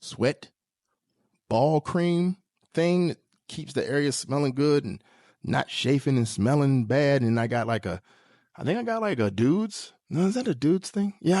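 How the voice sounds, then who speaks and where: A man hosting a podcast, joking through a comedic monologue with sudden leaps into high squeaky tones. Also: darkish tone, no room sound, clean studio sound. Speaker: podcast host.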